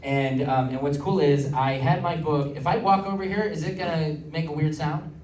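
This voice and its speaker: At a comedy venue with a live audience, a man performs stand-up, telling stories in a chatty way packed with filler words. His voice is a little high and a little mellow, steady at a moderate pace, captured from a distance in a roomy live recording.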